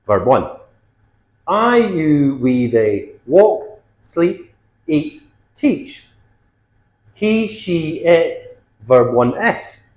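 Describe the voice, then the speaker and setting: A man's voice: fairly high pitch, a little mellow. A man teaching an English grammar lesson, explaining word endings with emphatic examples and checking in with frequent "okay?" questions. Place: based in Thailand. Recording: roomy echo, faint music.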